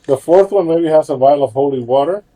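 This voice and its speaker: A man playing in a tabletop game, talking in a casual, deliberate way. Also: fairly high pitch, warm tone, rough recording. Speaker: player.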